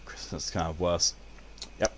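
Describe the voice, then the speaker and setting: A man's voice: low voice, steady tone, measured pace, slight background noise. A young man streaming a game, joking crudely and reading out chat. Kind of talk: casual live-stream chat.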